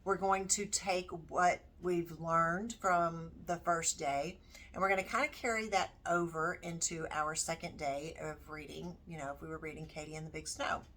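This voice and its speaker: A woman's voice: deep voice, steady tone, fairly bright tone. A homeschooling mother talking casually through her curriculum, thinking aloud with plenty of ums and you-knows. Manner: unhurried, thinking aloud with many fillers. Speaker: homeschooling parent.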